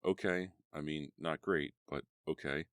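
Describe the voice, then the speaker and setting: A man voicing an anxious teenage boy in an audiobook, speaking in rapid, urgent pleas. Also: very deep voice, fairly even intonation, smooth, dry recording, clean studio sound. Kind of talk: audiobook character voice.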